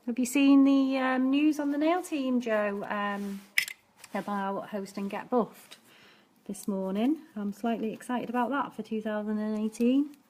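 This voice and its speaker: A woman's voice: a little high, steady tone, measured pace, darkish tone, a little hiss or hum. A Welsh woman chatting and giggling as she hosts a live-stream nail painting demo, speaking into a phone indoors. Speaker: nail technician host.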